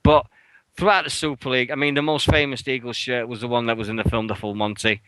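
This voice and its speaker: A man with a bright, forceful voice, telling a story in a casual radio chat. He swears freely and his pitch leaps sharply when he plays out his own outrage. The sound is close and dry, with no room in it. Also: steady tone, fast talker, clean tone, no room sound, rough recording. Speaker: radio show co-host. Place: radio studio.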